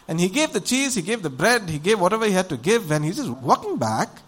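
A man with a high voice speaks a little quickly as he preaches a sermon. He retells a Bible story conversationally, acting out the characters' voices with animation and often putting rhetorical questions to his listeners.

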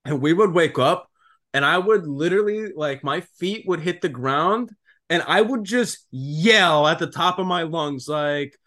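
A young man with a high voice talking in loose podcast chat. He is animated and swears freely, and "dude" and "like" fill his sentences. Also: measured pace. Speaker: podcast co-host.

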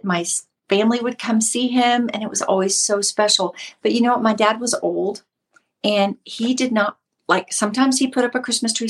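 A middle-aged woman hosting a casual Christian livestream, teaching in a conversational way and greeting viewers by name. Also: medium pitch. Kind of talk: casual devotional talk.

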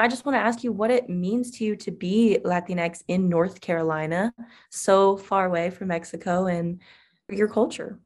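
A woman's voice: mid-range voice, a little mellow. A woman hosting a podcast, affirming her guest and asking long, careful questions. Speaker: podcast host. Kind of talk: podcast interview.

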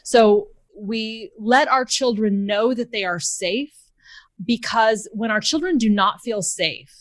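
A woman's voice: fairly high pitch, slow, dry recording. A woman guest on a podcast, a parenting expert talking through examples and stories in a conversational way. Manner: explains with examples, acts out quoted lines.

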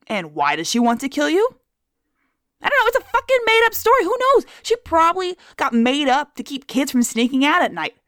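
A woman's voice: on the high side, dry recording, studio quality. A woman and former zookeeper giving a crude, sarcastic comedic monologue.

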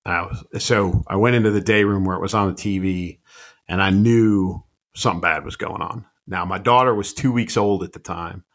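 A man in his fifties, a retired army officer, telling his story as a podcast guest in a measured, reflective way with frequent ums and uhs. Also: sits low, fairly even intonation, fairly bright tone. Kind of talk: conversational storytelling interview.

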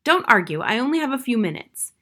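Storybook mother mouse, brisk and authoritative, read by a woman. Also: medium pitch, lively intonation, bright, forceful tone. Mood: commanding. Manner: firm and authoritative.

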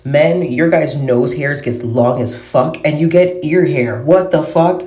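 A woman's voice: low voice, unhurried, mellow. A woman vlogger in a casual monologue, ranting with heavy swearing and exasperation. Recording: roomy echo.

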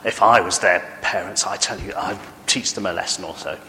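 A man's voice: low voice, fairly even intonation, fairly quick, sharp tone, long reverb tail, a little hiss or hum, voice pushed down. A man voicing a fussy, gossiping neighbour who disapproves of everyone. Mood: disapproving. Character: gossiping, judgemental grown-up neighbour.

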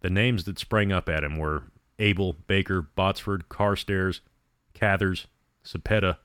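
A man narrating a story in a measured, dramatic reading. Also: sits low, steady tone, fairly bright tone, clear, resonant tone, no room sound, clean studio sound.

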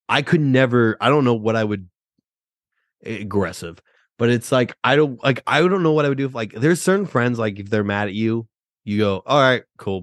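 A man's voice: mid-range voice, no echo, studio quality. A man in a casual podcast chat, speaking candidly and swearing casually.

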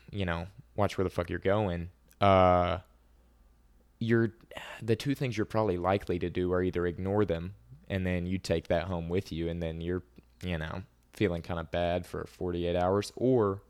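A man's voice: low voice, creaky, a little mellow, no echo. A man hosting his own podcast, talking alone in a loose, rambling way with many fillers. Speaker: podcast host. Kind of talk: casual solo podcast monologue.

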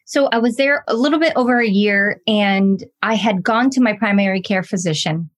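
A woman in her forties, a podcast guest, telling her own story in a lively, chatty way and acting out the dialogue she quotes. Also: medium pitch, normal speed. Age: 40s. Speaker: guest, pathologist assistant and wellness coach. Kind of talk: personal storytelling in an interview.

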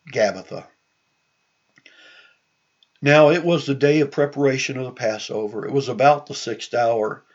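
A man's voice: medium pitch, a little mellow. A man preaching a sermon, reading scripture aloud and adding conversational asides with frequent restarts. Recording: dull lo-fi recording.

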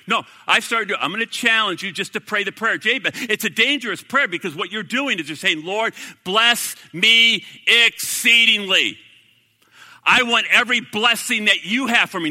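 A man preaching a sermon in a church, swinging from loud declarations to hushed, near-whispered prayer. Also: high-pitched. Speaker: pastor. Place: church sanctuary. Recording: echoey hall reverb.

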